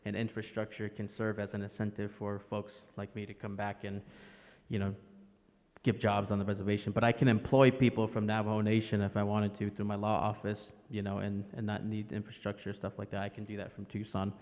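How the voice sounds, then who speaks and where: A man, a lawyer, offering casual, measured comments at a panel. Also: lowish voice, little pitch movement, a little mellow. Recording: echoey hall.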